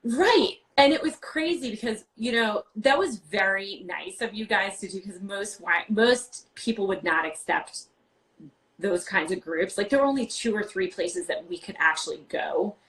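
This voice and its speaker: A woman in her forties from New York, chatting animatedly as a guest on a video-call interview, full of quick asides and "like" fillers. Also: medium pitch, animated, a bit bright, poor audio. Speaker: guest, wine podcast host. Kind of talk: casual interview chat.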